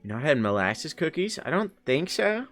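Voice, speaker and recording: A man's voice: a little high, big pitch swings, fairly bright tone, faint music behind. A young man streaming live, chatting casually with viewers in a playful, rambling way and arguing jokingly. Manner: playful, rambling, quick to laugh and argue jokingly. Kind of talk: casual chat reacting to viewer chat.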